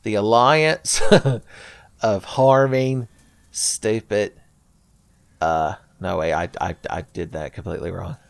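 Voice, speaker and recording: A man's voice: fairly low pitch, fairly even intonation, slow, creaky, dry recording. A man narrating a Let's Play, sarcastic and profane, with frequent jokes aimed at his viewers. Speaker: gameplay commentator.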